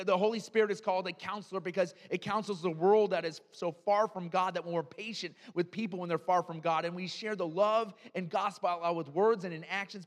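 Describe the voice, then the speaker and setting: Male pastor, fairly high voice, lively conversational sermon, long hall reverb. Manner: animated, storytelling preacher with frequent asides.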